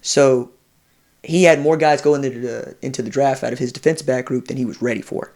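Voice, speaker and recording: A man in a casual sports podcast chat, telling recruiting stories with animated energy and slipping into quoted voices. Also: mid-range voice, brisk. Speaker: college football recruiting analyst.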